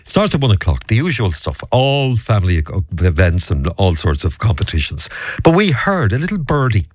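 A man's voice: lowish voice, wildly swooping pitch, normal speed, a little hiss or hum. A man hosting a local radio show, chatting easily and reading out listener texts. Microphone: studio mic.

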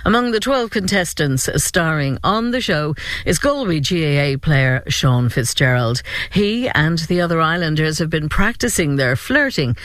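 A man's voice: a little high, no echo. Male newsreader, dry studio sound. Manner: even, measured reading. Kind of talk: radio news bulletin. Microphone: studio mic.

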